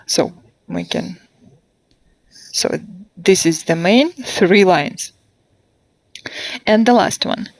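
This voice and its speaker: A woman teaching a grammar lesson online, slowly modelling sentences for students to repeat and asking them questions. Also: lowish voice, gravelly, no echo. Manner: slow, deliberate modelling of sentences for repetition. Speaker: English teacher. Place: online class.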